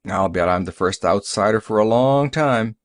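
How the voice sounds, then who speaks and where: A man's voice: fairly low pitch, normal speed, no echo, studio quality, natural voice. A man playing a guarded, careful stranger. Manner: careful, hesitant.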